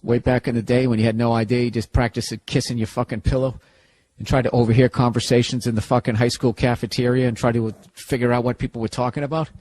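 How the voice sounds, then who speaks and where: A man's voice: mid-range voice, flat delivery, fast talker, a little mellow. A man with a Boston accent hosting a podcast, giving rambling, profane, sarcastic advice in a casual comedic monologue. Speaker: podcast host. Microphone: podcast studio mic.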